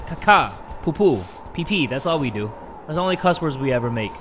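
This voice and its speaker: A young man doing let's-play commentary, excitable and jokey, shouting when scared. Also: on the high side, brisk, a little hiss or hum. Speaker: gaming YouTuber. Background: game music.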